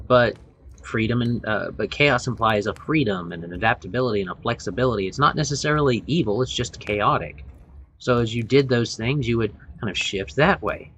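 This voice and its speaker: A man's voice: medium pitch, lively intonation, moderate pace, a bit bright, slight background noise. A man co-hosting a casual group discussion, explaining at length with frequent restarts.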